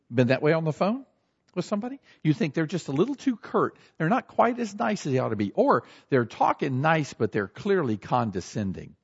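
A man preaching a sermon with a husky, slightly breathy voice and a pitch that leaps up and down as he acts out little everyday scenes. He sits a touch higher than most men. The recording sounds slightly muffled and dull. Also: very animated, a little fast. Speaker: pastor.

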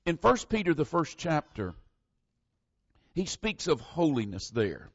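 A man's voice: fairly high pitch, big pitch swings, a little slow, long pauses, no echo, lo-fi sound. A man from northern Florida with a Southern accent, preaching a folksy, conversational sermon and leaning hard on the scripture verses.

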